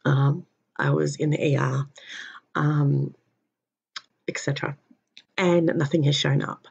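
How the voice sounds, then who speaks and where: Weary low-voiced woman, gravelly and husky. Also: steady tone, darkish tone. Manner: halting, with many pauses and fillers. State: tired and in pain. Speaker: vlogger. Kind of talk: personal health update vlog. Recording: dull lo-fi recording.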